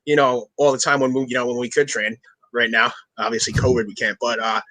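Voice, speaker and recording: A man's voice: medium pitch, level tone, quick pace, pushed and bright, no echo, poor audio. A man co-hosting a podcast, talking in an easygoing way, laughing along and tossing in agreeing fillers. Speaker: podcast co-host. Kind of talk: casual chat.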